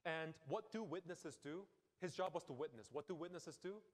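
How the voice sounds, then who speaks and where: A man's voice: animated, normal speed. Earnest male pastor in a reverberant hall. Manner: earnest, emphatic preaching with quiet, low asides. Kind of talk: sermon. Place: church sanctuary.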